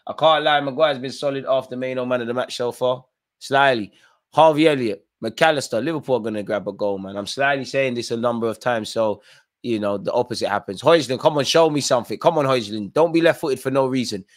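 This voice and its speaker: Hyped guy streaming a footy watchalong, yelling at players, slangy banter. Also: mid-range voice, brisk. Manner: excitable, shouts at players, slangy. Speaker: football watchalong host. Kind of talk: live match commentary and banter.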